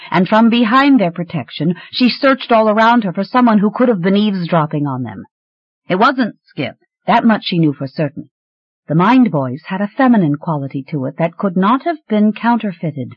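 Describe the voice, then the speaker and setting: An audiobook narrator reading a fantasy novel with an expressive, shifting delivery. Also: husky, no room sound. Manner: expressive, shifting pitch through the story. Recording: dry, slightly dull recording.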